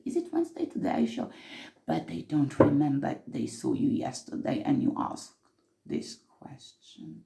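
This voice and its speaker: Casting: actress as an earnest woman mystic, low voice with lively swings, intense storyteller. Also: creaky, full character voice. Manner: intense, storytelling, repeats for emphasis. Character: earnest woman mystic recounting time slips. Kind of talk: improvised monologue.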